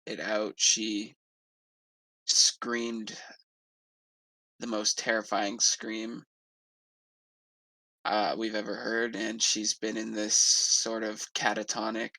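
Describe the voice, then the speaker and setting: A man playing a grieving, protective male adventurer, telling a slow, halting story in character during a tabletop role-play. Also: fairly low pitch, monotone, creaky, sharp tone, no room sound, exaggerated voice, low-quality recording. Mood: somber.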